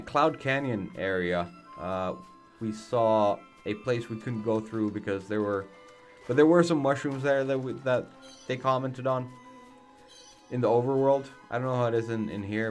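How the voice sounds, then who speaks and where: A man casually commenting on his video game as he plays, in a relaxed, rambling way with plenty of swearing. His voice sits at an ordinary mid pitch. Faint game music runs in the background. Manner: laid-back, rambling, swears freely. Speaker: let's play host.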